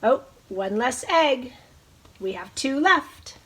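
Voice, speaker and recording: A woman teacher reading a picture book to young children, leading them in bird calls and counting with slow, encouraging delivery. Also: sits high, expressive, fairly bright tone, a little hiss or hum. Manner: slow, encouraging, leads bird-call imitations. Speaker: preschool teacher.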